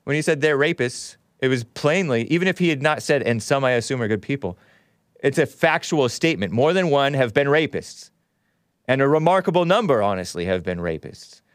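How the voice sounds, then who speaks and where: A man's voice: medium pitch, expressive, brisk, dry recording, clean studio sound. A man hosting a call-in show, talking in a rambling way that often breaks off and laughs. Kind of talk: casual call-in talk.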